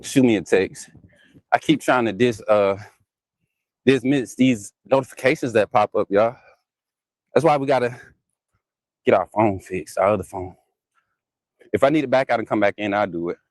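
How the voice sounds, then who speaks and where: A man's voice: fairly low pitch, normal speed, long pauses, no room sound, rough recording. A man hosting a live sports talk stream, chatty and laughing often as he talks straight to his viewers. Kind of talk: casual live-stream chat.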